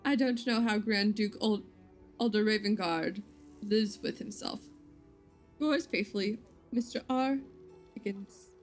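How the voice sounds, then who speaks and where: A woman reading a game letter aloud as a pompous, indignant gentleman, using a put-on accent. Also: medium pitch, a little slow, long pauses, faint music behind, lightly acted.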